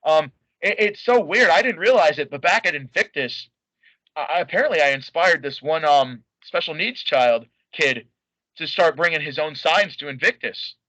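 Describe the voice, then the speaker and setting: High, bright-voiced man gushing in an interview. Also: animated, moderate pace, no echo, low-quality recording. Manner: enthusiastic and rambling, many fillers and restarts. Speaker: guest, wrestling fan. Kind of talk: casual podcast interview.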